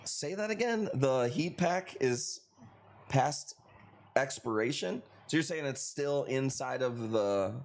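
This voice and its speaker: A man's voice: medium pitch, lively intonation, slow. A man hosting a live coral sale stream, chatting casually with viewers in a joking, profane way. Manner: joking, profane, talks to chat.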